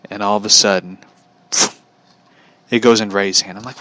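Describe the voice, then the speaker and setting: A man's voice: on the low side, steady tone, moderate pace, bright, forceful tone. A man telling a story in a casual, opinionated rant, swearing freely and laughing at his own anecdote.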